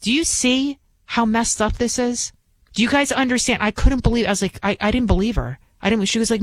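A woman's voice: on the high side, brisk, no room sound. A woman political commentator talking in an indignant, emphatic way, firing off rhetorical questions and repeating her points. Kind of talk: opinion monologue.

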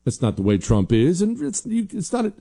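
A man's voice: high-pitched, huge pitch swings, brisk, vocal fry, warm tone, slightly rough. A man hosting a commentary show, talking emphatically and combatively, repeating his points for stress. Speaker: political commentary host. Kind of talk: opinionated commentary.

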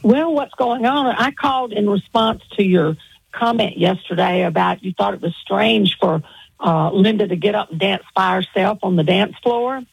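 A woman's voice: mid-range voice, normal speed, creaky, slightly rough, dry recording, rough recording. A woman from Texas with a Southern accent, calling in to a radio show and speaking chatty and emphatic. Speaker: caller. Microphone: phone line.

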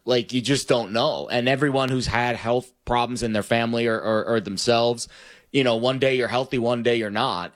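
A man co-hosting sports talk, speaking haltingly with many fillers and restarts. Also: medium pitch, fairly bright tone. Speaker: sports radio co-host.

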